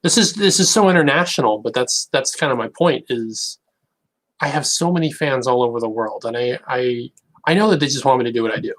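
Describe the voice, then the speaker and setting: A young man talking casually to camera in a rambling, halting, wry way. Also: medium pitch, fairly bright tone, rough recording. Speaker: online creator.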